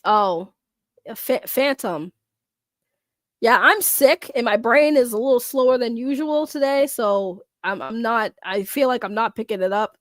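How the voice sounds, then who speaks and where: A woman's voice: fairly high pitch, animated, unhurried, no echo, clean studio sound. A woman streamer reading her chat aloud in casual, blunt, profane talk, congested from a cold and laughing often.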